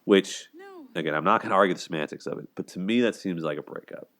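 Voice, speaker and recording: Deep-voiced man giving casual commentary. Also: quick pace, fairly bright tone. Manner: conversational, many fillers, paraphrases scenes in a lightly acted tone. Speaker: video commentator.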